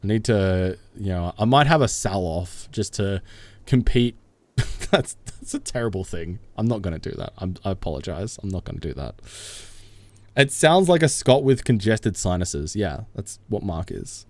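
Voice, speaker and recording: A man's voice: deep voice, expressive, moderate pace, darkish tone, no echo. A man streaming a game live, chatting casually with his viewers and laughing often.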